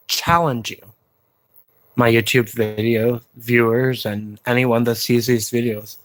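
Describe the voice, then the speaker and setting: A man vlogging to his viewers, speaking slowly and earnestly with pauses and fillers, encouraging them to reach out to others. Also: mid-range voice, a bit bright, no room sound. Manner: slow, halting delivery with pauses and fillers; encouraging, plain-spoken. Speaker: YouTube vlogger. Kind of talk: slow earnest personal appeal to viewers.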